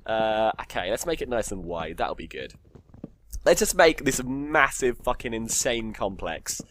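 A man's voice: medium pitch, animated, unhurried, a bit bright, slight background noise. A man casually commentating his Minecraft game, joking, swearing and talking to himself. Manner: swears a lot, jokey, talks to himself. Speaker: gamer.

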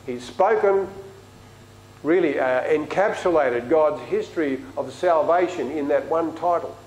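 A man's voice: a little high, measured pace, darkish tone, roomy sound, rough recording. A man preaching a sermon in a chatty, storytelling way in a church.

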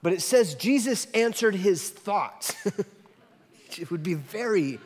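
A man preaching a sermon as pastor, telling a story in an animated way with quick swings from loud to soft. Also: sits high, breathy edge, in a large hall.

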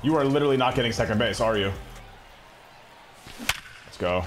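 A young man streaming a baseball video game, reacting in excitable, slangy commentary that swings between loud hype and low muttering. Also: fairly quick, faint music behind. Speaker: gaming streamer. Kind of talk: live gameplay commentary.

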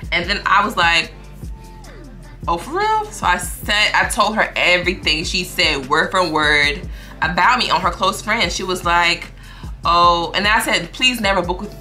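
A woman's voice: on the low side, moderate pace, pushed and bright, faint music behind. A young woman telling a story to her viewers in a casual, slangy, profane way, often quoting what other people said.

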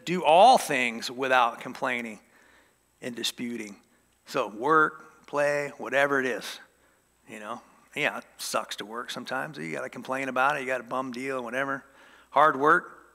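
A man's voice: a little high, vocal fry, pushed and bright, in a large hall. A man preaching a casual sermon as a pastor, conversational and joking with the congregation. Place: church sanctuary.

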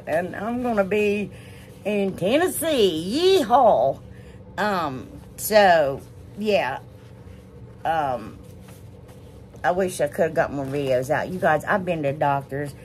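A woman's voice: on the low side, a little hiss or hum. Gushing woman rambling about crafts. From United States. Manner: rambling, gushing, says y'all often. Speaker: DIY crafts channel host. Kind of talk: casual chatty crafting vlog.

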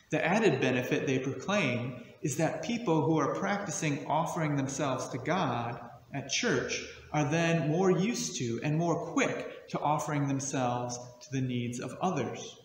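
A man's voice: mid-range voice, slight background noise. A young adult man, a guest speaker who works as a missionary, giving a reflective, earnest sermon. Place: church service recording. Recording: echoey hall with long reverb.

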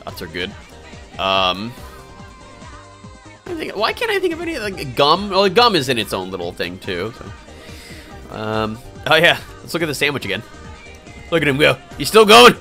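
A man's voice: fairly high pitch, huge pitch swings, moderate pace, long pauses, bright, forceful tone. A young man live-streaming games, chatting casually and answering viewer questions in a rambling, hesitant way full of fillers and restarts. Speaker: game streamer. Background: faint game music.

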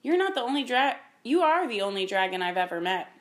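A woman's voice: on the high side, big pitch swings, fairly quick. A woman voicing a friendly, practical young girl in a storybook reading, reassuring in tone.

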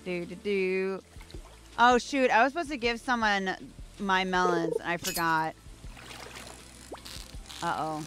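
A woman's voice: medium pitch, slow pace, pauses often. A woman streaming a game, chatting playfully and giggling as she talks to the characters on screen. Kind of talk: casual gameplay commentary. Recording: faint background music.

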